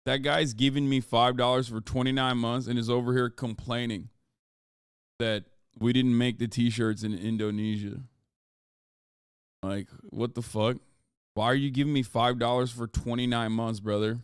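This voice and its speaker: A man livestreams while selling merch, chatting casually in a medium-pitched, level voice at a moderate pace. His tone is clear and resonant, recorded dry at studio quality. He sounds exasperated, swears a lot, and reads chat comments out loud.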